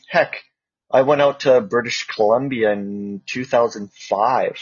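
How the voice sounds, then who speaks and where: A man's voice: mid-range voice, slow, husky, no echo, muffled recording. A Canadian man co-hosting a casual chat podcast, telling rambling stories full of fillers. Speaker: co-host.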